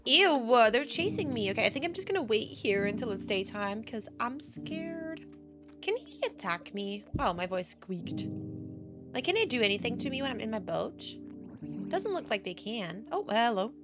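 High-voiced woman chatting over gameplay. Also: normal speed. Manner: chatty, excitable, gasps at discoveries. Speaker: Minecraft gaming creator. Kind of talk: casual gameplay commentary. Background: background music.

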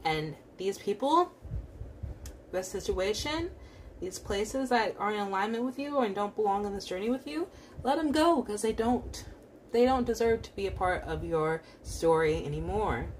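A young woman giving a pick-a-card tarot reading, talking casually with lots of fillers and repeating warm affirmations to the viewer. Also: medium pitch, moderate pace, a little hiss or hum. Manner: encouraging, repetitive affirmations. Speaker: tarot reader.

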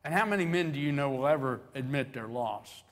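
A man's voice: medium pitch, animated, brisk, in a large hall. A man preaching a sermon as pastor, folksy and joking, building to swelling emphasis on key phrases. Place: church sanctuary.

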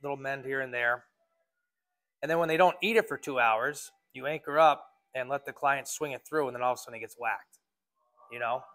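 A man's voice: medium pitch, brisk, sharp tone. A man working as a fishing guide, giving a casual talk to a club audience and speaking in a loose, filler-heavy way.

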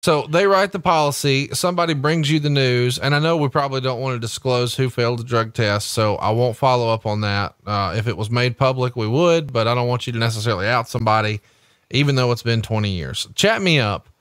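A man's voice: medium pitch, a bit bright, smooth, no room sound, clean studio sound. A man co-hosting a podcast, doing a salesy ad read and then asking questions in a casual way. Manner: salesy and emphatic, spells out web addresses slowly. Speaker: podcast co-host.

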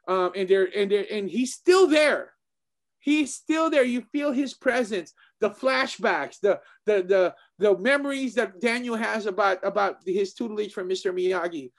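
A man, a martial arts instructor, chatting casually as co-host, animated and excitable, often repeating himself. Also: high voice, measured pace. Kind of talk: casual chat.

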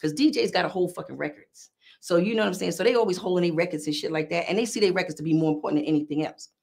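A middle-aged woman with a New York accent, hosting a podcast and telling a story in a casual, animated, profane way. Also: on the low side, racing, vocal fry. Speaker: podcast host.

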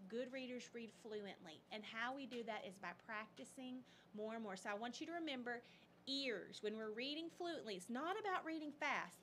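A woman teaching second graders in a recorded lesson, upbeat and expressive in a teacherly way. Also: sits high, a little hiss or hum.

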